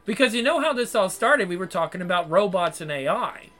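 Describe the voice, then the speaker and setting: Brisk and lively, this high male voice sounds pushed and bright as the vlogger launches a profane rant at his viewers. He is crude, exasperated and repetitive, swearing nonstop while faint music plays behind him.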